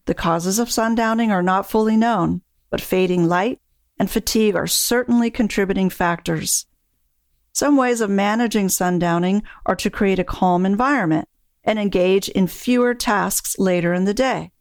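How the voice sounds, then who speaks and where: Calm, measured woman narrating, dry sound. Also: medium pitch, no echo. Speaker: dementia care coach. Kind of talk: scripted narration.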